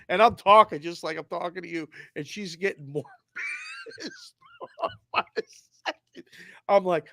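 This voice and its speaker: Lively Boston man telling a story. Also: high voice, normal speed, dry recording, studio quality. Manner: animated storyteller who acts out both sides of a conversation. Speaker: co-host of a sports betting show. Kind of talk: casual chat.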